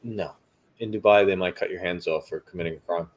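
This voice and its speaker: A man co-hosting a casual chat, talking in a measured, explanatory way. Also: low voice.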